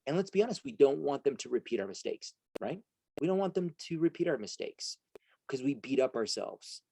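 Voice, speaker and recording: A man's voice: mid-range voice, sing-song, brisk, vocal fry, warm tone, no echo, rough recording. A middle-aged man giving an earnest motivational talk to an audience as a coach and host, often asking rhetorical questions. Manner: earnest, rhetorical questions, frequent "right?" asides.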